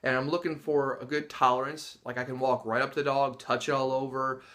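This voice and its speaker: A man in an ordinary middle pitch, talking through dog training in a casual, explanatory way. He gets animated and acts out little reactions with gasps and chuckles as he goes. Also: a little fast. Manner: animated storyteller who acts out dogs' and people's reactions with gasps and laughs. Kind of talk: casual instructional talk to camera.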